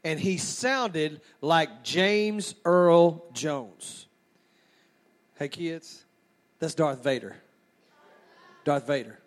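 A man preaching a sermon, praying and then telling a lively story from his childhood, acting out the scenes as he goes. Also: a little high, very slow, pauses often.

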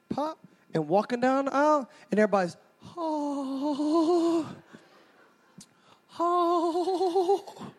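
A man telling a stand-up story, animated and full of mimicked sound effects. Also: extremely high pitch. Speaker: stand-up comedian.

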